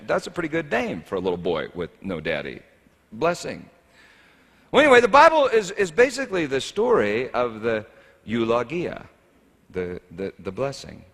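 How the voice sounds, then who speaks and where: A man preaching a sermon in a relaxed, wry, joking way, with his pitch rising and falling a lot. His voice sits at an ordinary pitch for a man. A long hall reverb hangs behind every phrase. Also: slightly rough. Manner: wry, conversational and humorous. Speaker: pastor.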